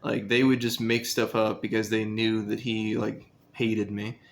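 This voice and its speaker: A man's voice: on the low side, flat delivery, unhurried, creaky, a little hiss or hum. A young man casually telling a story about his school days, rambling and profane, with lots of fillers.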